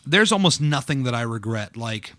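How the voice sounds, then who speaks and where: A man's voice: mid-range voice, lively intonation, moderate pace, fairly bright tone, no room sound. A man hosting a podcast, chatting casually in a dining room and telling rambling, self-deprecating stories full of fillers. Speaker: podcast host. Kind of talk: casual chat.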